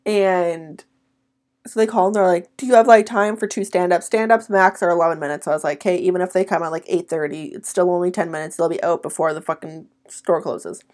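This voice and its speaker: A woman's voice: fairly low pitch, fairly even intonation, a little fast, darkish tone. A young woman co-hosting a podcast, talking bluntly and swearing freely in casual chat. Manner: blunt, profane, laughs often. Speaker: podcast co-host.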